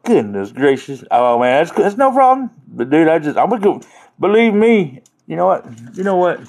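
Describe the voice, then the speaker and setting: A man's voice: fairly high pitch, big pitch swings, normal speed, vocal fry, darkish tone. A man chatting casually on a live stream, rambling and joking as he talks to his viewers.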